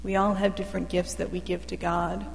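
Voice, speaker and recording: A woman reading a Christmas hymn story aloud in a slow, gentle, devotional way. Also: fairly low pitch, level tone, creaky, slight background noise. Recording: long hall reverb.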